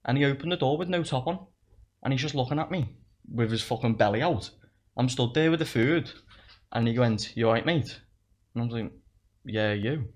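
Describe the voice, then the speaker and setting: A man's voice: mid-range voice, fairly quick, long pauses. Young man, cheerful. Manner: swearing, laughing through his own stories. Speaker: podcast guest. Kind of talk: casual storytelling chat.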